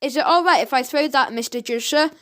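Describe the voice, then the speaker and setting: A woman's voice: sits high, brisk, lightly acted. A woman voicing a cheeky, eager male shopkeeper.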